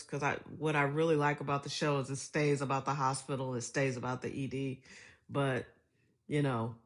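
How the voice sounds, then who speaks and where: A middle-aged woman talking in a casual vlog monologue, chatty and reflective, laughing often as she tells stories. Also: low voice. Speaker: vlogger.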